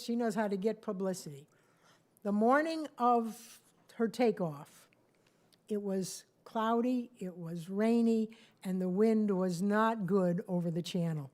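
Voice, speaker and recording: Woman storyteller at a live cafe show, animated and chatty, talks straight to the audience. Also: mid-range voice. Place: small cafe stage with audience.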